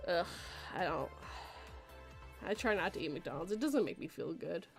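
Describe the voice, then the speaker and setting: A woman from Canada hosting a casual podcast chat, talking in an animated, chatty way and laughing often. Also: on the low side, normal speed, gravelly, soft background music. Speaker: podcast host.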